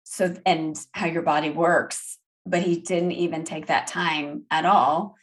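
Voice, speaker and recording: A woman's voice: low-pitched, steady tone, measured pace. A woman hosting an interview podcast, speaking in a sympathetic, validating way. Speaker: podcast host. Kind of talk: interview conversation.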